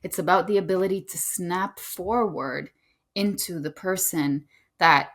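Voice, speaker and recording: A woman author who is a guest on a podcast, speaking earnestly and gently while she stresses her key points. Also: on the low side, measured pace. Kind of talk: conversational interview.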